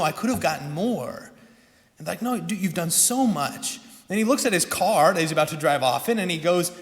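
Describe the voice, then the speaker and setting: Male pastor, fairly high voice, casual storytelling sermon, long church reverb. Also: a bit bright. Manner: conversational storytelling, frequent restarts.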